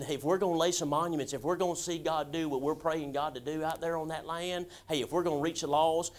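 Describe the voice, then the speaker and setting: A male pastor preaches a sermon in a high-sitting voice. His delivery is folksy and emphatic, sometimes building into shouts.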